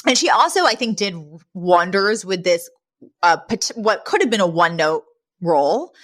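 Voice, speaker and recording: A woman's voice: medium pitch, sing-song, moderate pace, a bit bright. A woman co-hosting a podcast, chatting casually about a sitcom episode, giggling and acting out quoted lines. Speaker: podcast co-host.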